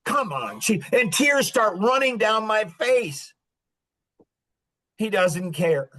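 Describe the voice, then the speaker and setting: An older man with a notably high voice speaks as a podcast guest over a video call. His talk is impassioned and indignant, and his pitch swings up and down with emotion. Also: sing-song, slow, pushed and bright, rough recording. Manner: indignant and emotional, rising and falling sharply.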